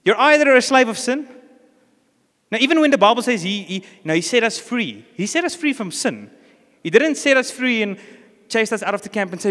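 Very high and sing-song, with a brisk pace and a somewhat bright tone, a South African pastor narrates a story during his sermon and acts out what the characters say. The recording carries the echo of a church hall.

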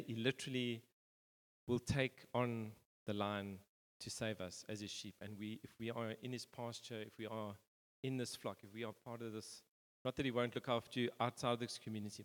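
Pastor preaching in a reverberant hall. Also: male voice, lowish voice. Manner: rambling, informal, many fillers and restarts. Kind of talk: conversational sermon. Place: church hall.

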